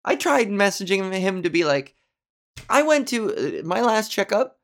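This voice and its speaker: Gravelly woman ranting profanely. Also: mid-range voice, big pitch swings, unhurried. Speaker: podcast host. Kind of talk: casual solo podcast monologue.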